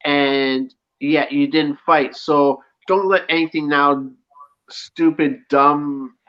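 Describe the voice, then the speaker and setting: A man co-hosting a casual live show, chatting excitedly with a forceful, tense edge. His voice sits a touch high for a man. The audio is muffled and lo-fi, like a web stream. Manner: excitable, reenacts scenes with loud impressions. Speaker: show co-host. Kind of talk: casual chat.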